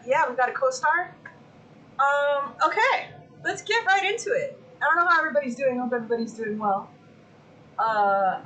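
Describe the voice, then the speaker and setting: A woman hosts a casual livestream from her home, chatting to her viewers in a loose, excitable way. She swears freely. Her voice sits high and sounds bright and forward. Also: rough recording. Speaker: livestream host.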